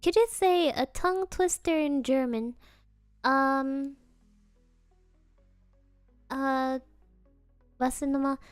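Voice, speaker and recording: High-voiced, giggly woman streamer. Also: steady tone, slow pace, long pauses, no room sound, soft background music. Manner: playful, giggly, answering chat. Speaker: virtual streamer. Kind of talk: casual live-stream chat.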